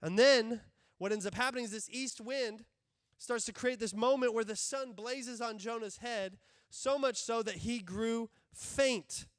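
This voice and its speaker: A male pastor preaching a sermon to his congregation, animated and acting out the characters in the story. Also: very high voice, measured pace, no echo, studio quality. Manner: animated, acts out biblical characters' voices. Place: church sanctuary.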